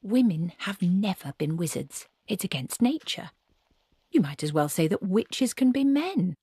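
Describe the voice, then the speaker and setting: A woman voicing a stubborn, sharp-tongued old witch in an audiobook reading, with indignant clipped outbursts. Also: medium pitch, sing-song, a little slow, breathy edge, no room sound, pitched above the performer's own voice, full character voice.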